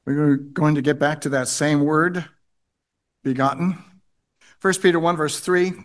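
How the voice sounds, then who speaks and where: A man's voice: on the high side, steady tone, measured pace. A man preaching a sermon, reading scripture aloud and repeating key phrases for emphasis. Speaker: pastor.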